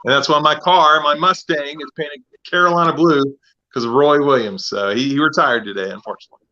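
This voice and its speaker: A man's voice: fairly high pitch, fairly quick, pushed and bright. A man hosting a casual car-talk live stream, chatty and teasing as he tells stories. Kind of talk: casual chat. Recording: lo-fi stream audio.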